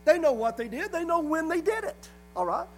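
A man preaching a sermon, reading scripture slowly and with emphasis. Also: extremely high pitch, sing-song, a little hiss or hum, low-quality recording.

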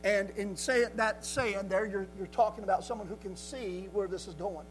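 A man preaching a sermon in a folksy, emphatic way, swinging from loud declarations to quiet asides. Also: sits high, fairly even intonation, normal speed, soft background music, low-quality recording.

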